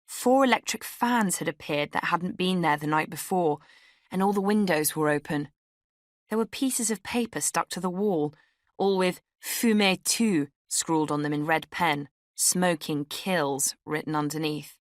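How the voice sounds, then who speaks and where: A woman's voice: low-pitched, moderate pace, no room sound, clean studio sound. A young woman reading her own memoir aloud in a wry, candid storytelling manner. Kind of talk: audiobook memoir narration. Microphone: studio microphone.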